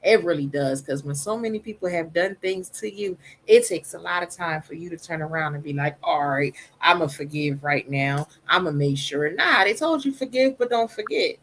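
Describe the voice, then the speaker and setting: A woman speaking candidly on a podcast about her own life, emphatic and animated, with a soft voice. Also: lowish voice, fairly quick, few pauses, slight background noise, low-quality recording. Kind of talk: candid personal storytelling.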